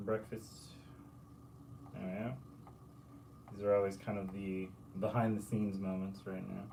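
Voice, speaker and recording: A man, a painter, chatting casually to camera in a relaxed, rambling way with lots of filler words. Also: sits low, a little slow, vocal fry, a little hiss or hum. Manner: laid-back and rambling, full of filler words. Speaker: painter and muralist. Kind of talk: casual vlog storytelling.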